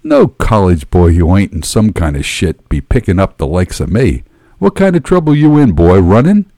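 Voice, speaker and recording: A man voicing a gruff, streetwise male drifter who talks bluntly and swears, as a character in a narrated story. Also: deep voice, big pitch swings, normal speed, mellow, no room sound, clean studio sound. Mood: pushy.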